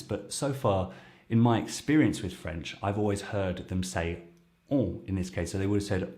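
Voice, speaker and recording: A man's voice: fairly low pitch, warm tone. A man who is a native English speaker, hosting a lesson and patiently explaining phrases step by step. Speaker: French teacher and show host. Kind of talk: explaining language clips to camera.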